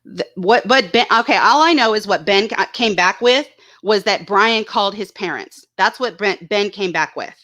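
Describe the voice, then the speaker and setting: A woman's voice: mid-range voice, normal speed, a bit bright. A woman hosting her own channel, talking casually and bluntly about online drama, swearing freely and reading out viewers' chat comments. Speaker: YouTube channel host.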